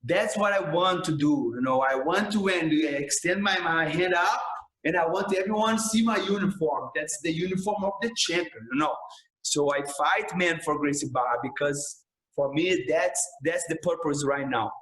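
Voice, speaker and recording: A man's voice: fairly high pitch, normal speed, fairly bright tone, roomy sound, rough recording. A man, a jiu-jitsu instructor talking passionately in a casual podcast interview, filling his speech with "man" and "bro".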